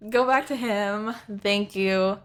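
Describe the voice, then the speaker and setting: A woman's voice: mid-range voice, slow pace, clear, resonant tone. A young woman co-hosting a casual book podcast, chatty and rambling, sometimes tripping over her words. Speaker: podcast co-host. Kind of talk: casual book-discussion chat.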